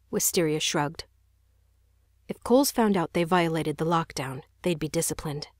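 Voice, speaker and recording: Female audiobook narrator, lower voice, tense dramatic telling, dry close recording. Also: moderate pace, no room sound. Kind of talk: scripted narration.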